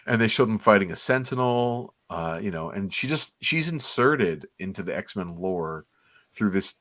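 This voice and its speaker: A man with a lowish, animated voice and fairly bright tone co-hosts a comics livestream, speaking at normal speed with no room sound. He rambles enthusiastically and nostalgically about an old cartoon.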